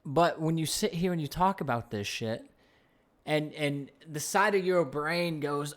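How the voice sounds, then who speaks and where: A man's voice: fairly high pitch, a little slow. A man giving mocking reaction commentary on a clip, sarcastic and incredulous.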